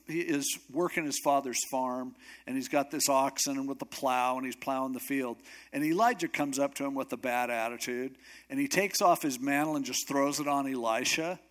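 A man's voice: medium pitch, fairly bright tone. A man preaching a sermon who retells a Bible story in a casual, humorous, conversational way. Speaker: pastor.

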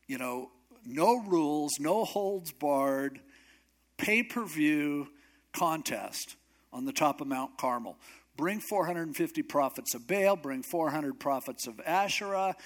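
A cocky, wisecracking prophet, as a preacher puts him on with a slightly high voice. He jeers and dares his rivals in a loose, swaggering tone. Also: animated, slow pace. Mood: brash. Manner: swaggering, wisecracking trash talk. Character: bold, brash male prophet taunting rivals.

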